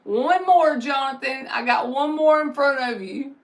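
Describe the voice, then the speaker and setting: A woman's voice: sits high, a little slow. A woman hosting a live tarot stream, chatting casually and giving encouraging spiritual advice with plenty of fillers.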